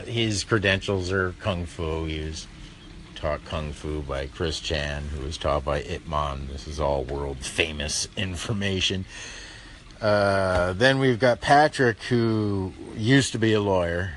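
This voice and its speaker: A man's voice: low voice, a bit bright, slight background noise. A man hosting a call-in radio show, rambling and chuckling wryly as he talks. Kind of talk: casual call-in talk.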